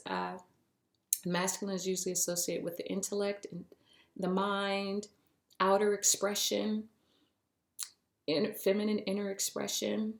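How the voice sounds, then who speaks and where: A woman's voice: mid-range voice, a bit bright. A woman hosting a spiritual podcast, talking in a chatty, playful way and tossing in pet names as she goes. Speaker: podcast host. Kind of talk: casual spiritual podcast monologue. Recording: roomy echo.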